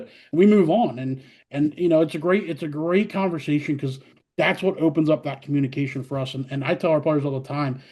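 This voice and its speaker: A middle-aged man, a college softball head coach, talking casually in an interview and acting out his players' voices as he tells stories. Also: fairly high pitch, fast. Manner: animated storyteller, acts out players' voices, many fillers.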